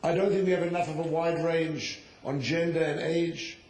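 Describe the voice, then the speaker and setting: A man's voice: fairly high pitch, steady tone, normal speed, a little mellow. A man moderating a conference panel, calling on speakers with a wry, lightly joking manner. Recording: echoey conference hall.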